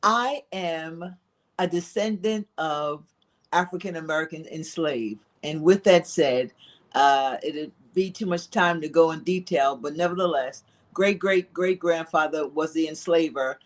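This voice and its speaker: Reflective woman telling family stories. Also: sits low. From Philadelphia, living in South Carolina. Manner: reflective, storytelling with frequent "uh" pauses. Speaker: guest. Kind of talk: casual interview storytelling.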